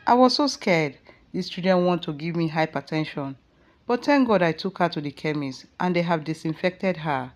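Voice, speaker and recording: A woman's voice: lowish voice, expressive, normal speed, darkish tone, close to an everyday voice. A woman with a Nigerian accent voicing a scheming, cruel young mother who hisses and scolds, then turns falsely sweet, in a storybook tale. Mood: fake sweet. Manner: switches from scolding to syrupy sweet.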